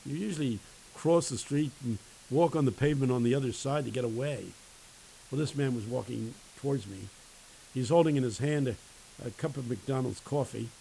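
Gravelly preacher guy, folksy, punchy, pauses a lot, mid-pitched. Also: dark tone, a little hiss or hum, rough recording. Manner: emphatic, dramatic pauses, folksy storyteller. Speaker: preacher and university teacher. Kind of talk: sermon storytelling.

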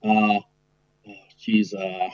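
A man's voice: fairly low pitch, little pitch movement, slow pace, no room sound, highs cut off. A man guesting on a casual podcast, guessing puzzled at word meanings with many fillers.

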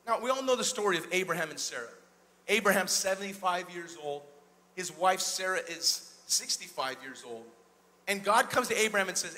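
Male pastor, energetic sermon, very high voice, long reverb in a church hall. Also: fairly quick. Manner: energetic, calls out to the congregation; retells scripture in casual conversational voices.

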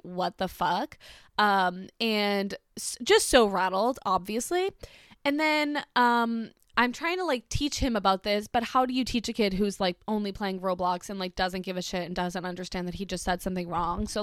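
A woman's voice: medium pitch, smooth, no room sound, studio quality. A woman casually telling a personal story, filling every sentence with "like" and swearing freely. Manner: chatty, heavy filler "like", swears, animated retelling.

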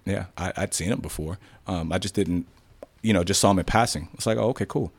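A man's voice: low-pitched, quick pace, gravelly, slightly rough. A man, a police sergeant, telling his story candidly in an interview and acting out the dialogue as he goes. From South Side of Chicago. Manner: animated retelling with quoted dialogue, frequent restarts.

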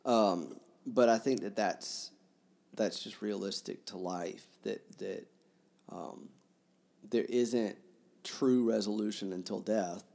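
A man co-hosting a casual book discussion, earnest and halting, with many restarts as he thinks aloud. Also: fairly low pitch, vocal fry, a little mellow.

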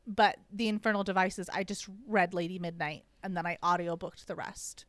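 A woman's voice: lowish voice, fairly even intonation, moderate pace, dry recording. A woman co-hosting a podcast, chatting casually and rambling through her stories. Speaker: podcast co-host. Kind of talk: casual chat.

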